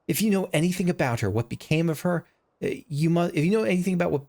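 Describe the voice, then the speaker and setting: A man's voice: a little high, lively intonation, quick pace, darkish tone, pitched above the performer's own voice. A man doing an eager little moogle. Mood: anxious. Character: small eager male moogle companion. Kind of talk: reading game dialogue aloud.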